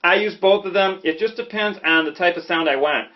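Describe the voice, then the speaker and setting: A man from Chicago giving a relaxed saxophone lesson, talking conversationally and checking in often with "okay?" and "you know". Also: sits high, brisk. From Chicago, USA. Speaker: saxophone teacher. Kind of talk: casual instructional talk. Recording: slightly dull lo-fi audio with faint music.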